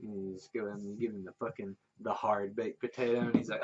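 A man trading crude jokes in casual chat, swearing freely and a bit mumbly. His voice is husky and breathy. The recording is dull and lo-fi. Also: fairly low pitch, little pitch movement, quick pace, a little mellow. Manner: joking, profane, says he is mumbly. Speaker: podcast co-host. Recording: dull lo-fi sound.

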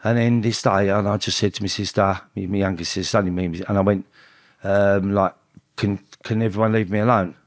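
A middle-aged man, a podcast guest telling a personal story in a halting way, full of restarts and repeated words. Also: lowish voice, steady tone, dry recording, studio quality.

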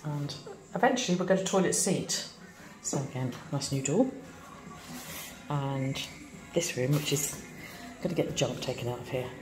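A woman's voice: sits low, normal speed, over music. Chatty woman in an echoey empty house. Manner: chatty, wry, self-deprecating. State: a little tired. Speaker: vlogger renovating a bungalow. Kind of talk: casual home renovation vlog. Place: empty bungalow under renovation, indoors. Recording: echoey bare rooms with hall reverb and background noise.

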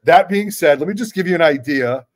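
Excitable high-voiced male host who keeps repeating himself. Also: brisk. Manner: loud, repeats himself, exclaims often. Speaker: show host. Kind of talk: excited live show chat. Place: comic convention floor.

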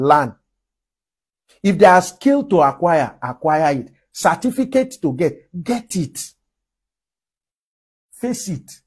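Husky-voiced man preaching with emphasis. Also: on the high side, darkish tone. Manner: emphatic preaching with frequent laughs. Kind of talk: sermon.

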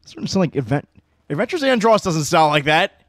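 A man's voice: a little high, very animated, brisk, dry recording, studio quality. Joking, rambling male game streamer. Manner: rambling, joking, stammering restarts. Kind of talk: casual game stream commentary.

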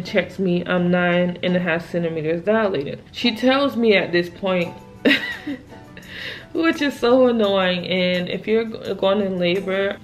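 A young woman vlogger telling her own story in a casual, emphatic and exasperated way, often dropping "child" as an aside. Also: lowish voice.

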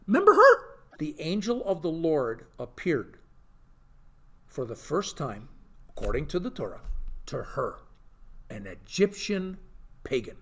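A man, a pastor, teaching an informal Bible study to a live group, often asking rhetorical questions. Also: fairly high pitch. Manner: animated, peppers talk with rhetorical questions and "okay?".

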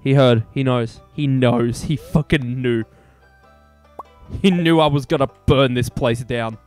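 Excitable swearing young male streamer. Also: medium pitch, a little slow, faint music behind. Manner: excitable, swearing, self-mocking jokes. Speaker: gaming streamer. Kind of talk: casual gameplay commentary.

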